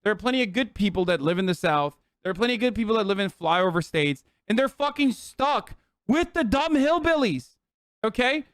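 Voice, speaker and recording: Man, streamer, heated profane rant, high clear voice, dry close sound. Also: lively intonation, a little fast, fairly bright tone, no room sound. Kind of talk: live stream commentary rant.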